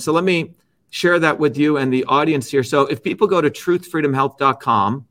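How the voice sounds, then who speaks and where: A middle-aged male guest lectures emphatically during an argumentative interview, his voice a little high with a fairly bright tone. He keeps repeating his key points and asks "okay?" and "right?" to check in.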